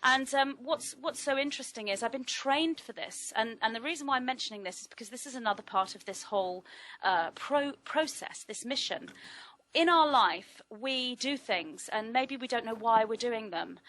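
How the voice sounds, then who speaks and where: Middle-aged woman, slightly high register, trained projecting voice, measured spiritual talk. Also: a bit bright, low-quality recording. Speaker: spiritual speaker.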